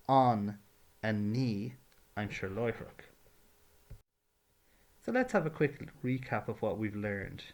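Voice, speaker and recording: A man teaching a patient, step-by-step grammar lesson. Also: fairly low pitch. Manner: patient, explains carefully, drills verb forms. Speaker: Irish language teacher.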